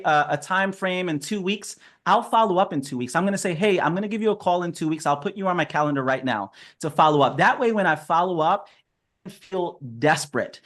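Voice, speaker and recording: Upbeat high-voiced man coaching sales. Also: fairly bright tone. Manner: upbeat, chatty, laughs often. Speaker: sales trainer. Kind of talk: casual training talk.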